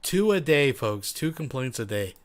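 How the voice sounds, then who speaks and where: A man's voice: mid-range voice, sing-song, moderate pace. A man making sarcastic, mocking remarks in casual chat.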